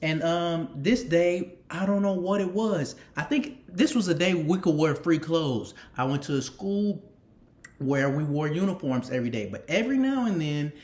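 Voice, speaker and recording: An animated young man tells a story in a loose, slangy way, repeating lines for punch and swearing freely. His voice sits a little high for a man and swings up and down as he gets into it. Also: normal speed. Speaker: storytime vlogger. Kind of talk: casual storytelling.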